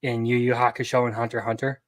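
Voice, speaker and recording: A young man co-hosting a casual podcast, speaking in a relaxed, easygoing way with frequent ums. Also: mid-range voice, quick pace, dry recording. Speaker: podcast co-host. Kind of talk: casual chat.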